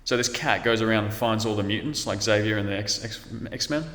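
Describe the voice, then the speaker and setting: A man's voice: on the low side, brisk, fairly bright tone. A man with an Australian accent telling a rambling, laid-back story from his youth. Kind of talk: casual storytelling. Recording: echoey room with long reverb.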